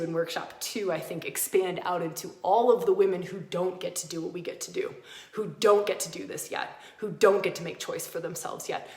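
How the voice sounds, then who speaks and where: Passionate, emphatic woman in an echoey room. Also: on the low side. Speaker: podcast host. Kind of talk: spiritual teaching talk.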